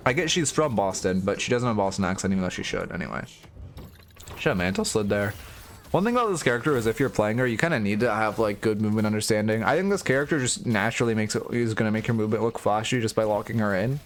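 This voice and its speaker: Young male stream coach, lowish voice, frank and profane, casual commentary over faint noise. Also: expressive. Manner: frank, swears casually, talks in quick restarts. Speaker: game coach.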